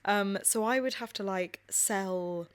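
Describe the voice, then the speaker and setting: A woman's voice: medium pitch, slow, smooth. A young woman in her twenties with a posh English accent, co-hosting a podcast and telling stories in a chatty way with frequent laughs. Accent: posh southern English. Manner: chatty storyteller, laughs often, swears casually. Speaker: podcast co-host. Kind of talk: casual chat.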